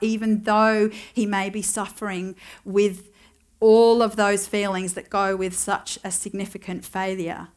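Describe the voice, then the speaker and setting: A woman preaching to a congregation in an easy, conversational way. She reflects and wonders aloud as she retells a story, and slips in dry little asides. Her voice sits at a middling pitch for a woman. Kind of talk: sermon.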